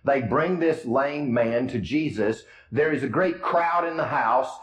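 A man's voice: mid-range voice, a little slow, roomy sound, poor audio. A man preaching a sermon with a Midwestern American accent, retelling scripture in casual, storytelling words. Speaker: pastor.

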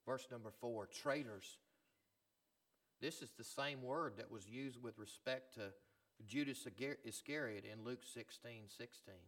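A man preaching a sermon as pastor, swinging from loud emphatic lines to quiet, low ones. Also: measured pace.

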